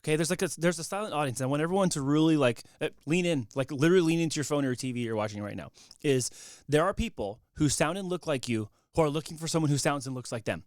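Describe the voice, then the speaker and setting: Emphatic man with a higher voice. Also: fast, dry recording, studio quality. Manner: emphatic, encouraging, talks with many likes. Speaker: videographer guest. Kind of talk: casual podcast conversation.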